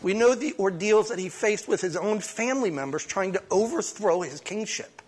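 A pastor reading a psalm aloud and then preaching a short sermon at a church service, talking conversationally with frequent restarts. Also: male voice, high-pitched, lively intonation, normal speed, a little hiss or hum. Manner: conversational, with frequent restarts and sudden swings in loudness.

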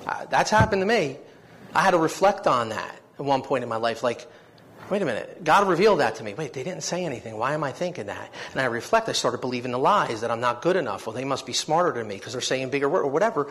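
A man's voice: mid-range voice, lively intonation, quick pace, a bit bright. A man preaching a sermon, telling his own story in an earnest, heartfelt way that swells with feeling. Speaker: preacher giving testimony.

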